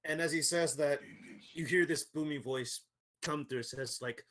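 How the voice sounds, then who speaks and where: A man's voice: on the high side, normal speed, a bit bright. A man running a tabletop game as game master, narrating loosely and laughing often.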